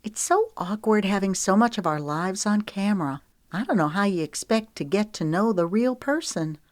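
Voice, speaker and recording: A woman's voice: medium pitch, lively intonation, moderate pace, no echo, voice pushed up, lightly acted. Woman narrator doing a guarded young female singer, rueful and teasing, dry booth. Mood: bantering.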